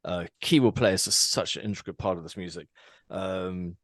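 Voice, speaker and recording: A man's voice: sits low, normal speed, a bit bright, dry recording, clean studio sound. A man interviewing a musician, speaking with brief encouraging responses. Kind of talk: casual interview.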